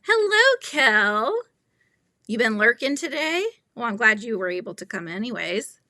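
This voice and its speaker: Giggly bright-voiced woman streamer. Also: on the high side, unhurried, no room sound. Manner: giggly, animated and chatty. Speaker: livestream host. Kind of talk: casual livestream chat while crocheting.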